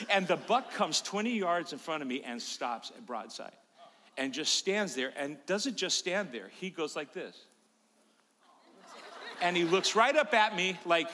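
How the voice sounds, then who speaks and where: A man preaching a sermon, telling a story in an animated, jokey way in a church. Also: high-pitched, a little slow. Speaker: pastor. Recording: long church reverb.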